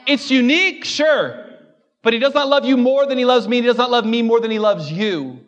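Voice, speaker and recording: A man's voice: very high-pitched, brisk, fairly bright tone, highs cut off. A man preaching a sermon as a pastor in a church, mixing joking asides with impassioned, repeated refrains.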